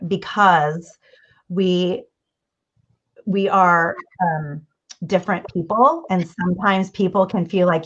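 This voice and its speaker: A woman coach talks through communication advice in a casual interview. She keeps it lively and slips into the voices of the people she quotes. The audio sounds dull and lo-fi. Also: lowish voice, slow. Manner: animated, acts out quoted voices.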